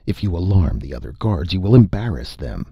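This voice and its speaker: A man voicing a gentle giant male reptile warrior who rumbles calm, earnest words, in a slightly muffled recording. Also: fairly quick, gravelly, breathy edge, no room sound, studio quality, full character voice.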